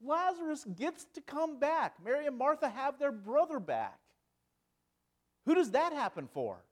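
Man preaching, from loud to hushed. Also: very high voice, sing-song, measured pace. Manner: swings from loud emphasis to hushed, quiet delivery; asks rhetorical questions. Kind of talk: sermon.

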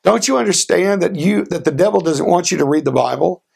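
A man preaching a sermon, earnest, asking rhetorical questions and slowing down for emphasis. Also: sits high, vocal fry, a little mellow, slightly rough. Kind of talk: sermon with a personal story.

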